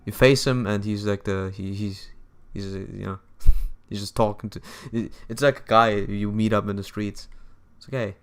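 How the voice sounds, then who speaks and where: A man's voice: fairly low pitch, fairly even intonation, normal speed. Jokey young man narrating his gameplay. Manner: chatty, jokey, frequent stumbles and laughter. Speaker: gaming streamer. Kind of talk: casual gameplay commentary.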